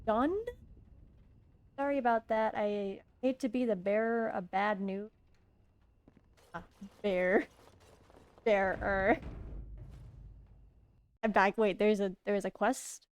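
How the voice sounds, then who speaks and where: A woman's voice: mid-range voice, steady tone, normal speed, clean tone. A woman streamer chatting casually over a role-playing game, joking and laughing often. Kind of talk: casual gameplay commentary.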